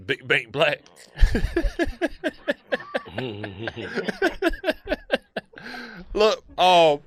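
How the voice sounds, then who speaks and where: A man's voice: medium pitch, fast talker. A man co-hosting a podcast, chatting casually and laughing often with his co-hosts in a studio. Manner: animated, laughing often, hype intro delivery. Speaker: podcast co-host. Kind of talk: casual chat.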